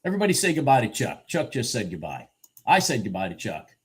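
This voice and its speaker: A man live-streaming his day trading, commenting excitedly on the market, swearing and repeating himself as he shifts between shouting and muttering. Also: mid-range voice, fast, breathy edge. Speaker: livestream day trader.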